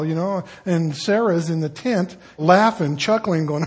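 Pastor guy preaching, kinda husky, higher voice, chatty storytelling. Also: moderate pace, few pauses, a little mellow. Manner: conversational storytelling, acting out quoted voices. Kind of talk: sermon.

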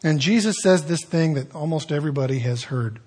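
A man's voice: fairly high pitch, lively intonation, fairly quick, a little mellow, slightly rough. A man preaching a sermon, retelling stories in a folksy, conversational way with joking asides.

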